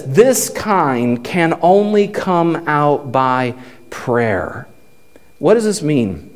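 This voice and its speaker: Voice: mid-range voice, darkish tone. Emphatic preacher delivering a sermon. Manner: emphatic, repetitive preaching with rises and falls. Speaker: pastor. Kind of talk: sermon to a congregation.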